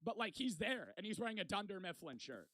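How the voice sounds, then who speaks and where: A man's voice: high-pitched, sing-song, a little fast, a bit bright, dry recording. A man in his twenties telling a rambling, profane story in casual vlog style. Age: 20s. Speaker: vlogger.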